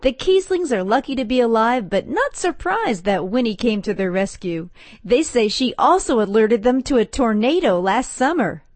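A woman's voice: on the high side, animated, normal speed, darkish tone. A woman reporter reading a scripted story for radio. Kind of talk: scripted news narration.

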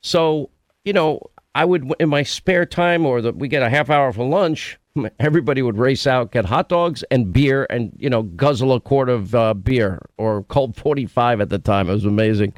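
A man's voice: medium pitch, moderate pace, no room sound, clean studio sound. Chatty middle-aged radio host man. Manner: chatty, storytelling, interrupting. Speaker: radio talk show host. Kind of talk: call-in radio talk.

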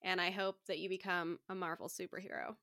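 A woman's voice: fairly low pitch, little pitch movement, fairly quick, bright, forceful tone, no room sound, clean studio sound. A woman hosting a podcast, supportive and easygoing as she chats with her guest. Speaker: podcast host. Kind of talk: casual interview chat.

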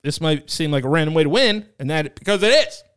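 A man's voice: on the high side, fast, fairly bright tone, clean tone. A man co-hosting a podcast, reading game rules aloud and bantering loosely with plenty of swearing. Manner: loose, profane, joking banter. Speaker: podcast co-host.

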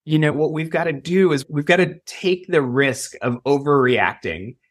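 A man being interviewed as a safety expert, explaining in an earnest, measured way. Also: a little high. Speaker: school safety expert guest. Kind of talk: conversational interview. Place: Los Angeles.

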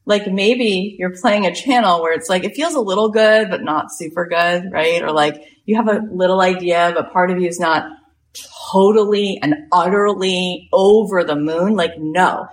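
A woman telling a story in an animated way, acting out the voices of the people in it and building to excited emphasis. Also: fairly low pitch, moderate pace. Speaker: speaker retelling a story.

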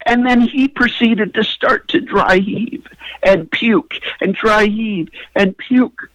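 A man telling a comic story as a guest, animated and building to high excited peaks. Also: takes it slowly, no echo, low-quality recording. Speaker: comedian guest.

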